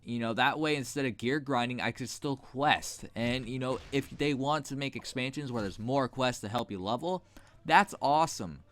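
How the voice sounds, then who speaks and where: Speaking at a moderate pace, this man has a medium-pitched, slightly bright voice. He hosts gaming videos, rambling through blunt, sarcastic remarks into a desk mic while he plays.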